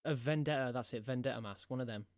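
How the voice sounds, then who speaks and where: A man's voice: mid-range voice, fast, no echo. A man hosts a loose podcast among friends. He jokes, swears freely and wanders through half-finished sentences. His voice sits in a middling register, recorded close and dry. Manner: joking, swears a lot, rambling. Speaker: podcast host. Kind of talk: casual chat.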